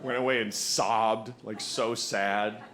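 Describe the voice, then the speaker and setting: A man in his forties doing a stand-up comedy set, telling animated stories, acting out voices and swearing freely. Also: lowish voice, slow. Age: 40s. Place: comedy club stage. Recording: live club recording with audience noise. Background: audience laughter.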